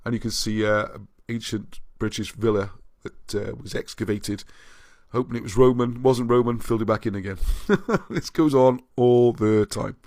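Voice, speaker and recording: A man's voice: fairly low pitch, a little mellow, dry recording. Man rambling through a livestream, dry sound. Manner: rambling, restarts often, chuckles at his own points. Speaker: livestream host. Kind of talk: livestream talk, reading viewer comments.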